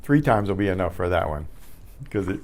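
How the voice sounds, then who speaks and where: An older man teaching a beginners' Spanish class, patiently repeating each word several times with clear emphasis. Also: deep voice, sing-song, fairly quick, a little mellow, slight background noise. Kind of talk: slow beginner language lesson. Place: community center class for seniors.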